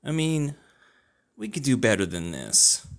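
A man's voice: medium pitch, huge pitch swings, unhurried, creaky. A young man delivering an exasperated, incredulous comedic rant full of rhetorical questions. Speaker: satirical ranter.

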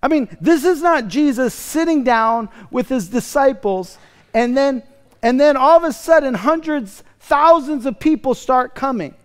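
High-voiced, slow-preaching male pastor. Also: expressive, clean tone, long reverb tail. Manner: emphatic, repetitive, swings from loud to hushed. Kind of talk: sermon.

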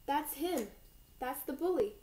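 A woman's voice: high voice, expressive, unhurried, dark tone. A woman voicing a frightened young boy raccoon in a children's storybook, pleading and worried.

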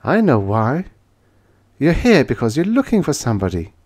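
A sharp, prying woman in a bar pushes her questions in a raised, lively voice, as a man reading an audiobook puts her on. Her voice leaps high and swings around as she probes and frets. This is an audiobook character voice. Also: moderate pace. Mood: knowing. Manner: knowing, then jumpy and flustered.

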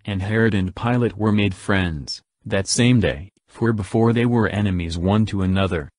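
Low-voiced man reading scripture slowly. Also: a little mellow, dry recording. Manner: slow measured reading in short phrases. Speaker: Bible reader.

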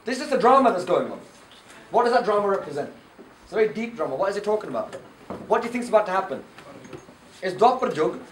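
A man tells stories and fires questions at a room of teenagers. His voice sits fairly high. He is picked up from far off in an echoing hall with a faint hiss behind him. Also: fast, pauses often. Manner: animated storyteller, quizzes the audience. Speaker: camp speaker. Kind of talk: lecture to teenagers at a youth camp. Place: indoor camp hall. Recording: echoey room, far from the mic, faint noise.

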